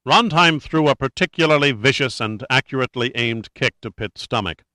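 Male narrator for a gritty thriller read, steady and measured, sharp clear tone. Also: medium pitch, no room sound. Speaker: audiobook narrator. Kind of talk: dramatic audiobook narration.

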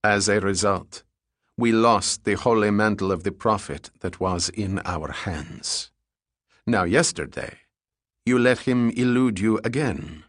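A man voicing a slow, icy crime boss. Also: on the low side, a bit bright, no echo, studio quality. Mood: low, threatening. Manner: slow, deliberate, icy menace. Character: cold menacing male crime boss, ruthless executioner. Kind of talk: audiobook character voice.

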